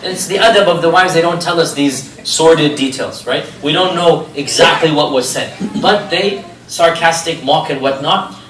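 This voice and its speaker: Guy giving a lively religious history lecture, kinda high voice, roomy echo, faint background hum. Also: moderate pace. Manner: animated storytelling with rhetorical questions. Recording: echoey room, distant mic, faint ambience.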